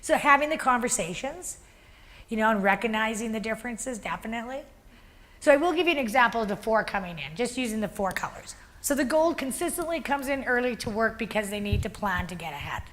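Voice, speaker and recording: A woman leading a workplace workshop, explaining ideas and telling animated stories to a group in a meeting room. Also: a little high, a little fast. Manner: animated storytelling with acted-out quotes. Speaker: workshop facilitator. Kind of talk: workshop teaching.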